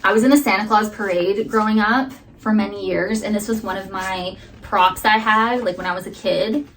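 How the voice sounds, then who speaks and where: A young woman vlogger chats to the camera, telling a story in a bubbly, casual way packed with fillers. Her voice is medium-pitched, a bit bright, with a steady tone and moderate pace, over slight background noise.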